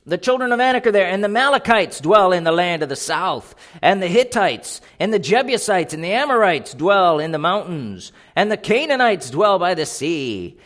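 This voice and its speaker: A middle-aged man preaching a sermon in an animated, joking way, acting out little voices as he reads and retells scripture. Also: sits high.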